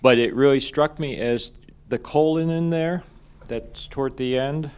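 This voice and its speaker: A man's voice: medium pitch, a little slow, darkish tone, clear, resonant tone. Tentative man losing his voice. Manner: apologetic, tentative questioning. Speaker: audience member asking a question. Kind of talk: question from the floor at a panel.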